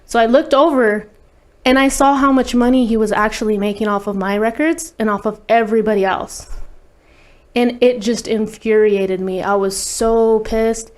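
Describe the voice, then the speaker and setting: A woman's voice: a little high, steady tone, moderate pace, darkish tone. A woman guest on an interview show, telling a personal story candidly and bluntly, swearing freely and saying "like" often. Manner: blunt, profane, heavy use of "like". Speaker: guest recording artist.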